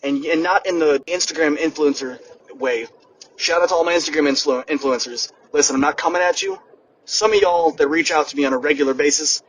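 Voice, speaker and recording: A young man hosting a podcast and giving a lively motivational monologue, speaking straight to his listeners. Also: fairly high pitch. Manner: energetic, addresses listeners directly. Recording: distant mic with background noise, poor audio.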